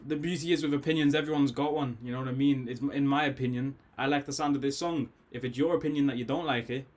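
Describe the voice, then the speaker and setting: Scouse male reaction host, excitable and rambling, a bit tipsy, home bedroom setup. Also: medium pitch, quick pace. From Liverpool, England. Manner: excitable, rambling, laughs often. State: tipsy after drinks. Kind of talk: casual album reaction.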